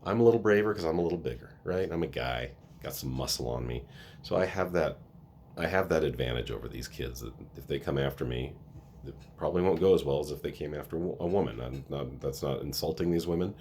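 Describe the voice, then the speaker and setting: A man's voice: very deep voice, fast talker, darkish tone, a little hiss or hum. A man who works at a school, talking earnestly and with emotion in a casual vlog, often restarting his sentences. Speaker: school staff member.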